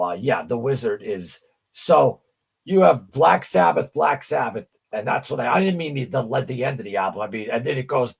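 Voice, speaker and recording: Co-hosting a livestream, a man talks loosely about music in a gravelly, mid-range voice with a breathy edge. His chat wanders and stammers, and he swears a lot.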